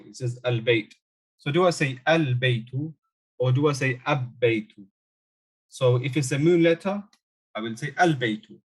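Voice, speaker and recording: A man teaching an online Arabic lesson, explaining step by step and slowly repeating example words. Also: medium pitch.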